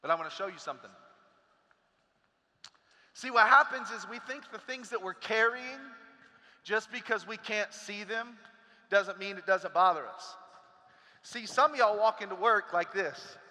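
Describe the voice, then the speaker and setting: A man in his thirties giving a motivational talk to teachers, animated and quizzing the crowd while acting out stories. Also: high-pitched, moderate pace, pauses often, long reverb tail. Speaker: motivational speaker.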